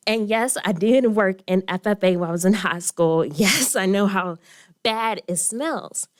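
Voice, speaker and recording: A woman's voice: mid-range voice, measured pace. A young woman speaking at a county meeting, emotional and crying as she pleads. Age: young adult. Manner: emotional, tearful plea. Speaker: public commenter. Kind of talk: public comment at a county meeting.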